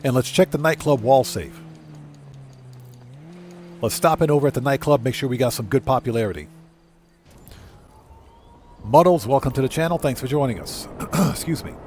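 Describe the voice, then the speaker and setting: Male game streamer, relaxed rambling live commentary, mid-pitched. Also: normal speed, pauses often, a little hiss or hum. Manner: rambling, easygoing, many fillers and self-corrections. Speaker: GTA streamer and content creator. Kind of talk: live gameplay commentary, reading chat.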